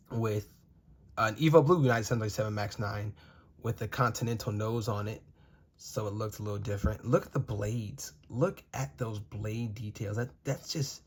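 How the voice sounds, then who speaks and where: A young man with a somewhat low voice talks casually into a phone while unboxing model airplanes. He gushes and rambles, piling on praise for every detail. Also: darkish tone. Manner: enthusiastic, gushing, rambling. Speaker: model plane reviewer.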